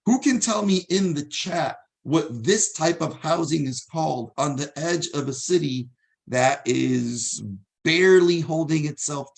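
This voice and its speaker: A man's voice: a little high, gravelly. A man teaching a live-streamed exam review lesson, talking casually and thinking aloud as he goes.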